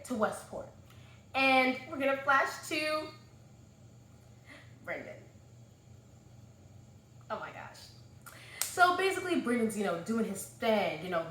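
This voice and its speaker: A woman's voice: mid-range voice, fairly bright tone. A woman with a Southern US accent chatting casually as she sums up a book, rambling with lots of fillers. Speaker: book vlogger. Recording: echoey room.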